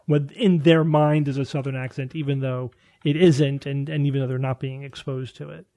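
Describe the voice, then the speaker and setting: A man's voice: medium pitch, steady tone, moderate pace, mellow. A man hosting a casual podcast discussion, thinking aloud with restarts and rhetorical questions.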